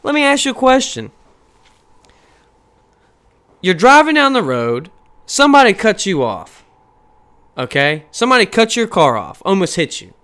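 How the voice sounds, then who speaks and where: Man, high lively voice, clear, profane, rhetorical, casual rant. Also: moderate pace. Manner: profane, animated, rhetorical questions. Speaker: podcast host.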